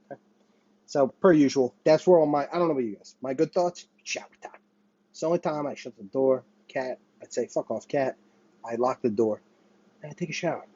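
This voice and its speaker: A man's voice: mid-range voice, dark tone, husky, no echo, highs cut off. A man from the United States venting in a rambling, profane monologue, often restarting and apologizing mid-sentence. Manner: profane, rambling, self-interrupting. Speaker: vlogger. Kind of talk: ranting monologue to camera. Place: small apartment with a running window air conditioner.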